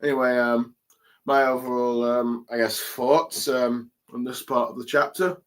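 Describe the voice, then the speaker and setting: A man talks through a comic chapter at a middling pitch, often stopping to gather his thoughts mid-sentence. He sounds like someone streaming from a desk mic. His tone stays casual and unpolished. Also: steady tone. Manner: hesitant, many fillers and pauses. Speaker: manga chapter reviewer. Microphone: desk mic at a streaming setup.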